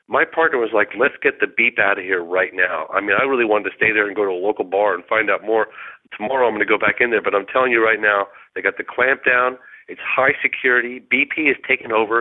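Caller, male, low voice, rambling and halting, heard over a thin phone line. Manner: rambling, halting, full of restarts. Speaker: phone-in guest investigator. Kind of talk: excited phone-in account. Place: hotel room. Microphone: telephone.

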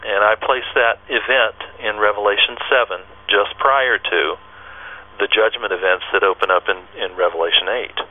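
A man's voice: lowish voice, moderate pace. A man talking as a radio guest in a casual explanatory way, emphatic and folksy, often restarting his phrases. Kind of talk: casual explanatory talk on end-times prophecy. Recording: tinny phone-like radio audio.

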